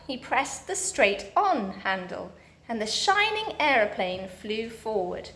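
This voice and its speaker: A woman reading a children's book aloud, steady and expressive. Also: a little high, takes it slowly. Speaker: storybook reader.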